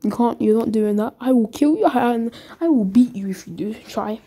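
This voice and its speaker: A woman's voice: on the high side, moderate pace, mellow, husky. A woman voicing a stern adult male ninja teacher scolding a student.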